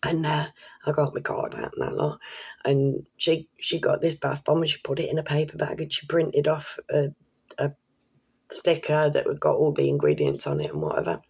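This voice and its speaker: Woman, vlogger, gravelly voice, husky edge, excitable chatty storytelling, casual swearing. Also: low-pitched, normal speed. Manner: chatty, excitable, laughs while telling stories; swears casually, local slang.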